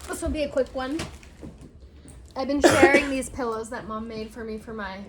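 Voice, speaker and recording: High-voiced woman chiming in. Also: normal speed, heavy background noise. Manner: chimes in with short reactions. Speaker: flosstube co-host. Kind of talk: casual chat.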